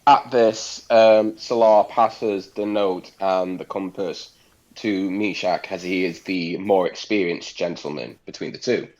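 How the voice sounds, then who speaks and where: A man's voice: low voice, steady tone, unhurried, a little mellow, highs cut off. A man playing a tabletop game, narrating his character's actions in a chatty way. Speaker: player.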